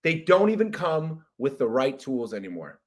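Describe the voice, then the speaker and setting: A young adult man hosting a comedy podcast, ranting in an exasperated, profane monologue and jumping into loud shouted impressions. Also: medium pitch, very animated, normal speed. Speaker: podcast host.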